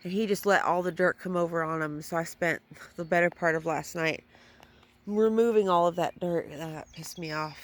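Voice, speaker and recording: A woman's voice: on the low side, fairly even intonation, normal speed. A woman giving a casual, chatty gardening vlog outdoors in her front yard, swearing at times, filmed on a handheld phone. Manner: chatty, swears when annoyed. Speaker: vlogger.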